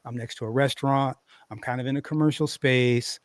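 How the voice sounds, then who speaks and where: A man casually telling a profane story on a podcast, animated and acting out quotes loudly. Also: medium pitch, brisk, no room sound, clean studio sound. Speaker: podcast host.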